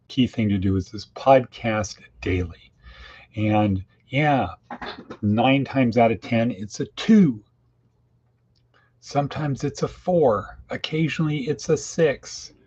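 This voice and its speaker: Husky and darkish in a mid-range voice, this podcast host rambles casually through his daily show, leaning on folksy, plain-spoken idioms. The recording is dull and lo-fi, with a faint hiss.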